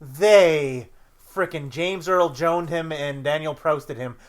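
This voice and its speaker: A man from Canada co-hosting a podcast in casual chat, excitable and prone to jokey exaggeration. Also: fairly high pitch, takes it slowly. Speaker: podcast co-host.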